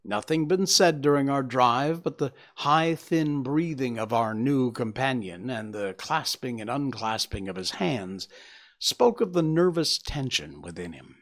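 A man reading a classic detective story aloud in a measured, expressive narrating style. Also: medium pitch. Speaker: audiobook narrator.

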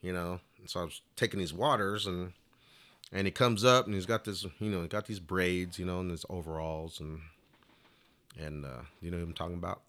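This man's voice is low, slightly bright, and fairly even in intonation, moving at a somewhat fast clip. He's a flute player spinning a long, rambling tale in relaxed interview conversation, full of "you know" fillers.

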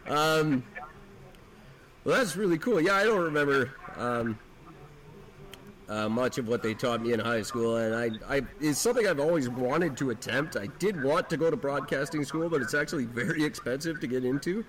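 A man's voice: mid-range voice, normal speed, fairly bright tone, low-quality recording. A man hosting a podcast in casual chat, laid-back and joking while running soundboard clips. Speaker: podcast host.

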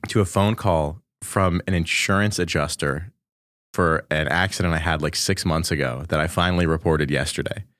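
A low-pitched man co-hosting a casual comedy podcast. He rambles through a self-deprecating story and acts out the other people's lines as he goes. The sound is dry and close to the mic. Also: moderate pace, fairly bright tone, no echo. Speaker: podcast co-host.

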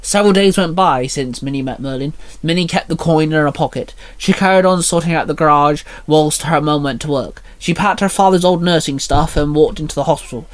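A man reading a short fan story aloud in a plain, steady narration. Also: a little high, a little fast, hardly any pauses, dry recording.

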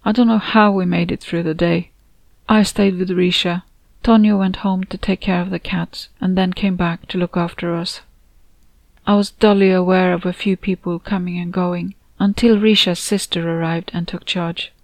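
A woman reading her own story aloud in a measured, steady storytelling voice. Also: fairly low pitch, creaky, no echo. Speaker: author and narrator. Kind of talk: audiobook narration.

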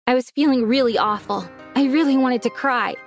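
A woman narrating a first-person story in a calm, earnest way. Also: sits high, brisk, faint music behind.

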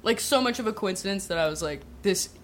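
A woman's voice: medium pitch, quick pace. A woman telling a funny personal story to a small group, laughing often and saying "like" a lot. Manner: giggly, peppered with "like", lively asides. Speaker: guest storyteller.

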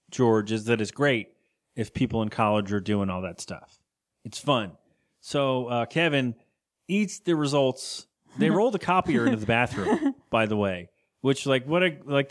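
A man co-hosting a podcast, chatting casually as he recaps a cartoon episode, rambling and laughing often. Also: medium pitch. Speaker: podcast co-host.

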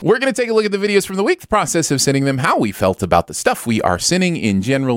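A man hosts a casual podcast and tells stories with lots of laughter. His pitch swings widely from low to high as he talks. The sound is dry and close, with no room echo. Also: rapid-fire, few pauses. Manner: animated, laughing storyteller. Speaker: podcast host. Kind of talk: casual chat.

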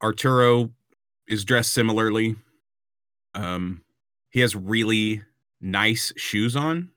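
Acting as game master for a tabletop role-playing game, a man describes scenes with frequent hesitations. He speaks slowly in a fairly low, slightly bright voice, recorded dry with clean studio sound.

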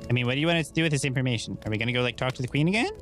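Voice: mid-range voice, lively intonation, very fast, faint music behind. A tabletop game player who keeps pressing the group about what they should be doing. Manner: questioning, pushes the group for a plan. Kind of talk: casual role-play chat.

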